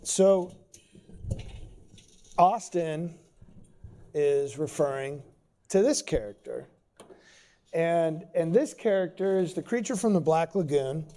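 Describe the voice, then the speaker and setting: A man speaking as a guest, telling an animated, anecdotal story. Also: fairly high pitch, takes it slowly, pauses often. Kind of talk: storytelling talk.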